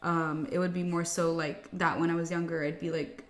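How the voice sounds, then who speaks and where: A woman's voice: lowish voice, little pitch movement, moderate pace. A woman in her twenties chatting casually while getting ready, candid and rambling with many fillers and restarts. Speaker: beauty vlogger. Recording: echoey room with faint music.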